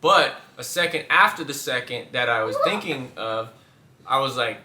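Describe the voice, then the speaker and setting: A man's voice: medium pitch, expressive, normal speed, bright, forceful tone. A man telling a story casually with his wife, playful and laughing, acting out what was said. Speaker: vlogger, husband. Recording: echoey room, faint background noise.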